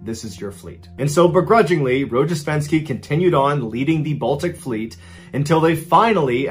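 A man hosting a history channel, telling a story in a brisk, chatty way, linking events with "and so". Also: medium pitch. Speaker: host.

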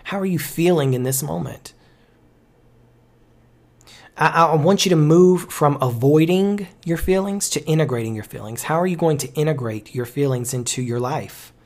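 A man's voice: fairly high pitch, moderate pace, darkish tone. Preachy man. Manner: preachy, repetitive, emphatic. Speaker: life transformation coach. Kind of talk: motivational podcast talk.

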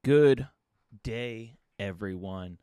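Low-voiced man hosting a podcast. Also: extremely slow, dark tone, smooth, no echo, studio quality. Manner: casual storytelling with fillers and restarts, sometimes whispering quotes. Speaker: podcast host. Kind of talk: solo podcast monologue.

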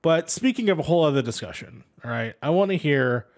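Brief: male co-host, casual and blunt, swears often, video call chat, steady mid voice. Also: a little high, fairly quick. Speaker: podcast co-host.

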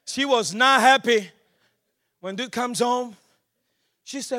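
A man preaching a sermon, telling a family story in a low, quiet voice and then rising into shouted exhortation. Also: normal speed, pauses often.

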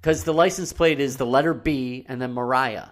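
A man's voice: medium pitch, normal speed, slight background noise. A man co-hosting a casual chat, easygoing, telling rambling stories with restarts.

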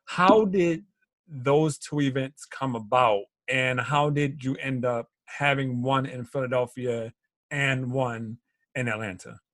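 A man's voice: medium pitch, slow pace, a bit bright, dry recording. A man hosting a casual podcast interview, friendly and affirming, asking his guest questions. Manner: friendly, affirming, short backchannels. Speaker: podcast host.

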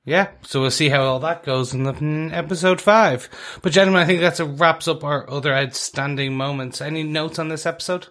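A man's voice: on the high side, steady tone, brisk, fairly bright tone. A man hosting a podcast segment, explaining things in a playful, upbeat way. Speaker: podcast host.

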